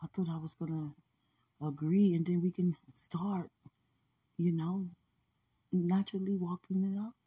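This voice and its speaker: Soft, dark-voiced woman murmuring heartfelt prayer. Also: on the low side, flat delivery, measured pace, long pauses, husky, highs cut off. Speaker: podcast speaker. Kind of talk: casual emotional talk about faith and love.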